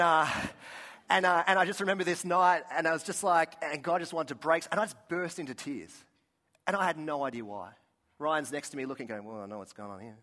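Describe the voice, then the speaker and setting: A young man delivering a sermon like a story told to friends, his voice sitting a touch higher than most men's. He restarts his sentences often and drops to a hush to press a point home. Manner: conversational, storytelling, frequent restarts, drops to a soft voice for emphasis. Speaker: pastor.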